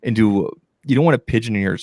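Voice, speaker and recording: A man's voice: on the low side, a little fast, a little mellow, dry recording, studio quality. A man giving rambling, encouraging advice in a casual group chat on a live stream, speaking over a video call. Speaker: guest creator on a live stream.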